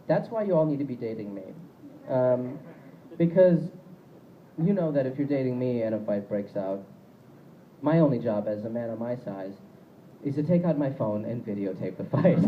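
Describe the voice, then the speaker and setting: Animated self-deprecating male stand-up comic. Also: mid-range voice, normal speed, lo-fi sound, a little hiss or hum. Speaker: stand-up comedian. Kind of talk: stand-up comedy. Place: comedy club stage.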